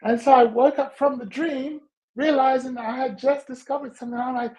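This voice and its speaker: A man's voice: very high voice, steady tone, fairly quick, darkish tone, lo-fi sound. A man hosting a motivational podcast who tells stories animatedly and acts out the dialogue in them. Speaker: podcast host. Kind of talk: motivational storytelling talk.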